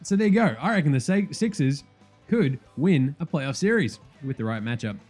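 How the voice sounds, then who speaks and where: Aussie guy ranting about basketball, pitch all over the place, soft music behind. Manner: animated, profane, fast rambling. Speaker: podcast host. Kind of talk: casual sports chat.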